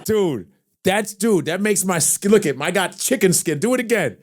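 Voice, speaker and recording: A man hosting a casual podcast chat, excitable and breaking into loud sports-announcer impressions. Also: sits high, moderate pace, over loud music. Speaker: podcast host.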